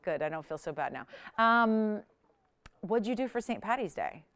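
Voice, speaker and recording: A woman's voice: mid-range voice, expressive, normal speed, a bit bright. A woman hosting a live jewelry shopping show, chatty and enthusiastic, laughing often as she sells.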